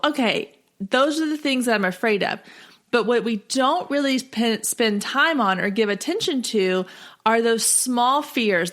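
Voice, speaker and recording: A young adult woman hosts her own business podcast alone. She talks to her listeners in a friendly, direct way as she hands out advice. Her pitch sits in a middle range. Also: fairly bright tone. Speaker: podcast host. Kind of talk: solo business podcast talk.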